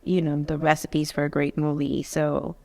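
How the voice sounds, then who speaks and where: A woman's voice: low voice, level tone, normal speed, vocal fry, a little mellow. A woman interviewing a guest, affirming and summing up the guest's point. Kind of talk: casual interview.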